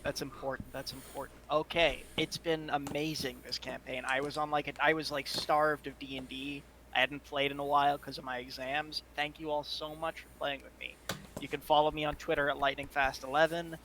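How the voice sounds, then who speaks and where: A man's voice: on the high side, little pitch movement, fairly quick, sharp tone, slight background noise. A young man playing in a tabletop game, chatting casually and easily amused. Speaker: player. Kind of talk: casual chat.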